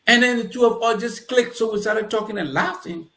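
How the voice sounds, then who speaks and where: A man's voice: very high-pitched, brisk, gravelly. A man with a Liberian accent, a guest telling his life story in conversation and acting out the dialogue he recalls. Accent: Liberian English. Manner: animated, acts out quoted dialogue. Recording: roomy echoey room.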